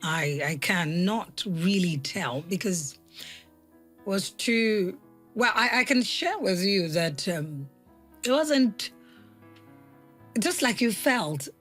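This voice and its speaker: A middle-aged woman, the mother, recalling a family memory in a halting, searching way. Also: medium pitch, animated, fairly bright tone, soft background music. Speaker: podcast guest, mother. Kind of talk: casual family conversation.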